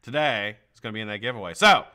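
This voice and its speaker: A man's voice: on the low side, lively intonation, fast talker, pushed and bright. A man hosting a casual live stream. He chats loosely, swears a lot and laughs often. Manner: profane, joking, laughs often. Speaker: livestream host.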